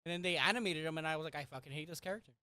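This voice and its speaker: A woman's voice: sits low, racing, clear, resonant tone. Ranting, foul-mouthed young woman. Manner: ranting, swears a lot, bursts of loud exasperation. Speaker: podcast co-host. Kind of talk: casual chat.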